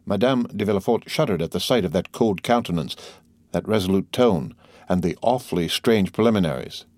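A man narrating an audiobook of a classic novel in a measured, steady way. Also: low voice, no room sound.

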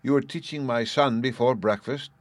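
A man's voice: medium pitch, normal speed, no room sound, voice pushed up, natural voice. A man voicing an imperious, huge noblewoman who speaks harshly and overbearingly. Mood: lofty. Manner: loud and overbearing.

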